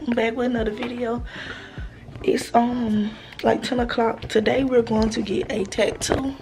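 A woman vlogging casually with a hoarse, nearly gone voice, loose and profane, laughing at herself. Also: on the high side, flat delivery, measured pace, low-quality recording. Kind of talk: casual vlog chat. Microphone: handheld camera. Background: hip hop music playing.

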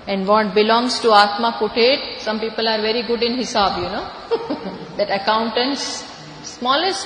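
A woman's voice: a little high, a bit bright, slight background noise. A woman with an Indian accent giving a scripture lecture as a spiritual teacher, explaining patiently and repeating key words for emphasis. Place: lecture hall. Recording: echoey hall, faint ambience.

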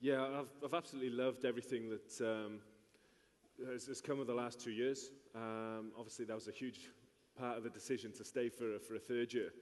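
A man from Wales with a Welsh accent, a rugby player answering on stage in a good-humoured, relaxed way. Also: medium pitch, fairly quick. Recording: long reverb in a big hall.

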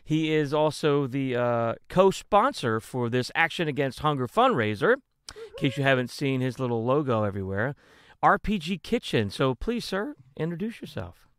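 A man's voice: medium pitch, very animated, normal speed, a bit bright, clean tone, no echo. Upbeat man hosting a livestream. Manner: upbeat, showman-like announcing. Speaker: podcast host. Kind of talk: livestream podcast introduction.

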